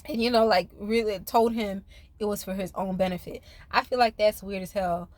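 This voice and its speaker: A woman with a steady, mid-range voice recaps a reality show at a normal speed, on a dry recording. As a reality TV commentator, she keeps it casual and profane, laughing often and addressing her viewers directly.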